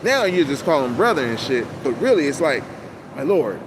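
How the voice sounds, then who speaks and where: High-voiced man ranting over traffic noise. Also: a little fast. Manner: profane, loose street slang, animated. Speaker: channel host. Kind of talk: casual rambling monologue. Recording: loud outdoor traffic noise.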